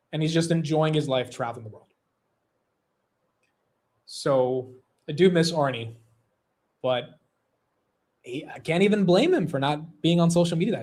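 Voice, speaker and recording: A young man hosts a livestream in a loose, rambling way, drifting between topics and reading viewer messages aloud. His voice sits a bit high for a man, and he swears casually as he chats. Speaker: livestream host.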